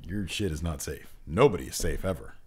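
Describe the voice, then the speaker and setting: A man's voice: a bass voice, expressive, a little fast, husky. A man co-hosting a casual wrestling review podcast, loose and jokey, rambling with asides. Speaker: podcast co-host. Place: home podcast set.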